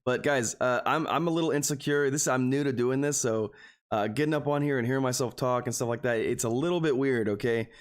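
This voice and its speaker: A man's voice: medium pitch, fairly quick, clear, resonant tone. A man from Texas hosting a live trading stream, talking casually and earnestly to his viewers. He rambles and keeps calling them "guys". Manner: earnest and openly emotional. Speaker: stock trading livestreamer.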